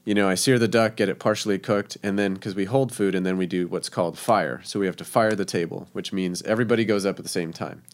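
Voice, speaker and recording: A man casually telling a story about working as a cook, animated and laughing often. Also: deep voice, fast, hardly any pauses. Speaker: guest telling a kitchen story.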